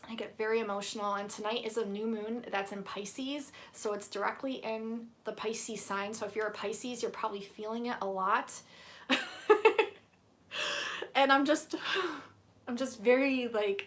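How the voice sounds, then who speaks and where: A woman's voice: fairly high pitch, a bit bright. A woman in her thirties, a psychic reader chatting on a live stream in a gushing, giggly way, with lots of "like" as filler. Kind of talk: live-stream casual chat.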